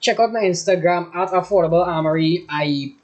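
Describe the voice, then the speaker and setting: A reaction video host from Trinidad, talking in a relaxed, chatty, offhand way. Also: medium pitch, brisk. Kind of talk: casual reaction commentary.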